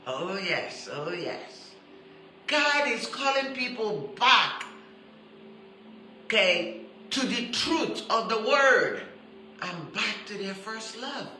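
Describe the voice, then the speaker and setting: A woman preaching a sermon who stresses her points by repeating them and turns soft and intimate when she appeals to her listeners. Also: medium pitch, sing-song, slow pace, pauses often, roomy sound, slight background noise, rough recording. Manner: emphatic, repeats key phrases for stress.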